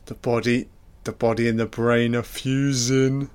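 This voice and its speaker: A man's voice: mid-range voice, little pitch movement, a little slow, a little mellow, clean tone. A man giving a casual, crude running commentary on a film. He swears freely and is sardonic. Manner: mimics characters in mock voices.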